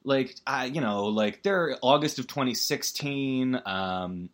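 A man hosting a comedic solo podcast, talking in a rambling, self-deprecating way with many stammered restarts and sudden jumps in pitch. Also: expressive, unhurried, a bit bright. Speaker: podcast host.

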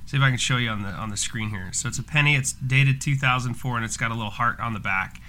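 A man in his thirties co-hosting a podcast, chatting casually and telling animated stories. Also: medium pitch, fast talker, a little hiss or hum. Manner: animated storyteller, laughs while telling. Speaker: podcast co-host. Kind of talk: casual chat.

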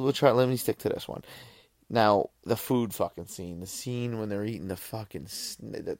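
A man's voice: on the low side, gravelly, a little mellow, no room sound, clean studio sound. A man hosting a podcast, reviewing a film in a loose, rambling monologue full of swearing and restarts. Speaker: podcast host.

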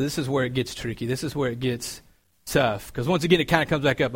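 A man preaching a sermon in a conversational, storytelling way, growing animated as he recounts events. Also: medium pitch, fairly quick.

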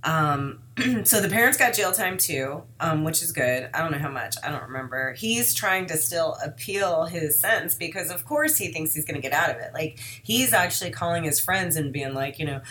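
A lively woman hosting a podcast in casual, swearing-laced chat, often putting on voices for quotes. Her voice is bright and forceful and sits fairly low for a woman. A faint hiss of noise runs underneath. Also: moderate pace. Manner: animated, chatty, swearing, acts out quotes. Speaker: podcast host. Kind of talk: casual true-crime chat.

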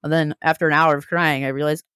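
A woman's voice: low-pitched, flat delivery, quick pace, a bit bright, smooth, no room sound, clean studio sound. A woman co-hosting a podcast in chatty, self-deprecating banter, also reading the show's outro. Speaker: podcast co-host and producer. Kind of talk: casual chat.

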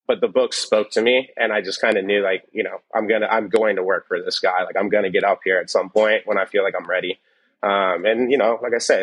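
Low-voiced man telling a rambling story. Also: fairly bright tone, rough recording. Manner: rambling, many fillers and quoted dialogue. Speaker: chef, guest. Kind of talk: casual storytelling interview.

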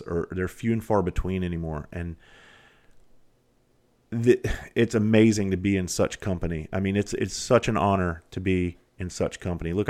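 Deep-voiced candid podcast man. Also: a little mellow. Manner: candid, profane, storytelling. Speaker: podcast host, former firefighter. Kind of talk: casual podcast monologue.

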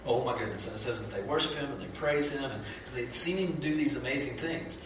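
A man preaching a sermon, telling the story with lively acted-out quotes and frequent repeats and restarts. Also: medium pitch, fairly quick, very echoey, distant mic, noisy background. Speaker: pastor.

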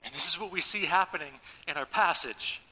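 Bright-voiced pastor preaching in a hall. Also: male voice, a little high, a little fast. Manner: conversational, animated preaching with casual slang. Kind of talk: sermon. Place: church.

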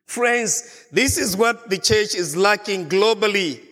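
A man's voice: high voice, animated, takes it slowly, pushed and bright, in a large hall. A man preaching a sermon as a pastor, asking the congregation question after question. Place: church.

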